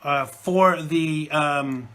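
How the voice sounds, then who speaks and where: A man's voice: fairly high pitch, drawn-out words, bright, forceful tone. A man hosting a live internet talk show from the UK, chatting and rambling with many fillers, recovering from a chesty cold. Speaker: host.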